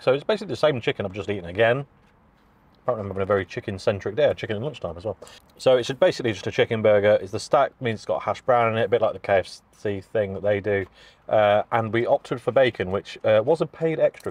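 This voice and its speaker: A man's voice: on the low side, a little mellow. A man talks casually to his camera from inside a parked van. His delivery is chatty and jokey, with a self-deprecating edge, and the camera mic picks up the close sound of the vehicle. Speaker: food and travel vlogger.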